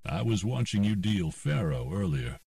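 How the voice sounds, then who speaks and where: A narrator doing a shrewd poker player. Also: male voice, deep voice, very animated, moderate pace, vocal fry, warm tone, dry recording, studio quality, distant mic, full character voice.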